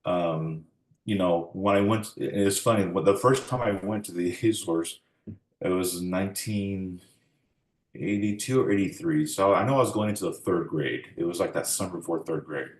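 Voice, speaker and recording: A man's voice: sits low, normal speed. Reflective man telling stories, roomy sound. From United States. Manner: reflective storytelling, acts out quoted dialogue. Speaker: interviewee. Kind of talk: oral history interview.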